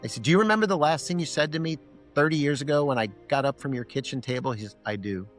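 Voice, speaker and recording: A middle-aged podcast guest tells a personal story, animatedly acting out both sides of a remembered conversation. His fairly high voice races along very fast over soft background music.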